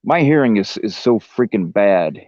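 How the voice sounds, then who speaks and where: Low-voiced joking man. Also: lively intonation, moderate pace, darkish tone, dry recording. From Indiana. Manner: drawling, joking, trails off. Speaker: livestreamer. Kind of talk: casual chat while gaming. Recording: dull lo-fi stream audio.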